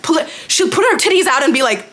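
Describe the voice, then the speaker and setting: Exasperated young woman ranting to camera. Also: high voice. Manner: animated, exasperated, sarcastic, talks fast with lots of 'like'. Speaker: vlogger. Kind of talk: storytime rant.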